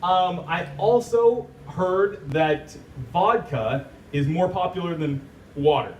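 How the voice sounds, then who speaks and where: A man's voice: high-pitched, lively intonation, slow, darkish tone. An American man speaking to a live audience, chatty and joking, laughing often. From United States. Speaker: guest speaker. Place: event hall. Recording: echoey room, distant mic, faint noise.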